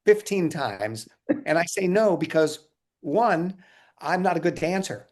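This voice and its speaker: A man being interviewed, telling casual stories in an animated way, acting out quotes and often laughing. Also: fairly high pitch, a little slow. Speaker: interview guest, musician.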